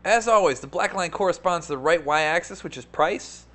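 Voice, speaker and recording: A man hosting a live market webcast, talking casually with animated, sarcastic rants and a habit of asking "right?". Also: a little high, normal speed. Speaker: stock market show host.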